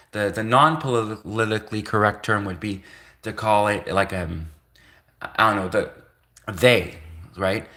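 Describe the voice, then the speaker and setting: A man's voice: on the low side, bright, forceful tone. A man hosting a livestream, rambling in sarcastic commentary full of rhetorical questions. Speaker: livestream host.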